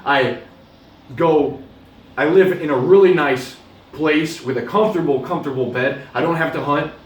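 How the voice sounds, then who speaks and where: A smug, pampered house dog, put on by a man telling a fable brags lazily about his easy life. The voice sits a touch low, and the sound is roomy and heard from some way off the mic. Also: moderate pace, far from the mic, lightly acted.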